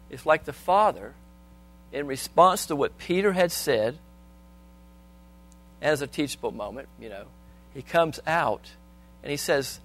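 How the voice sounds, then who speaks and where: Preaching unhurriedly with long pauses, this man has a slightly high, animated voice. He reads scripture aloud, asks the congregation questions, and shifts between soft and loud delivery.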